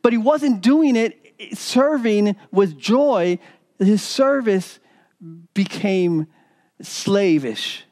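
A man with a notably high voice delivers a sermon as pastor. He preaches in an animated way, doubling up on words and acting out the lines of the people in the story he retells. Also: drawn-out words.

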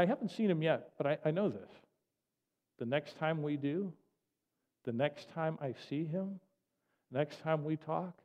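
A male pastor preaching a sermon in a conversational, storytelling way, with many restarts and asides. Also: a little high. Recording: dull sound, long reverb.

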